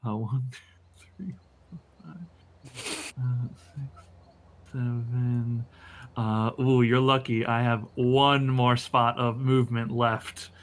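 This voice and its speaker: A man's voice: mid-range voice, steady tone, takes it slowly, long pauses, slight background noise. Hesitant man playing a tabletop game. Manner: hesitant, full of ums and laughing. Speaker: player. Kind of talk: casual tabletop game chat.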